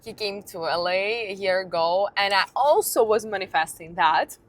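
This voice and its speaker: Her voice sits in the mid-range and moves at a moderate pace. Behind the wheel of her car, this young woman vlogger tells a storytime story to her phone camera, being candid, swearing freely, and laughing at herself.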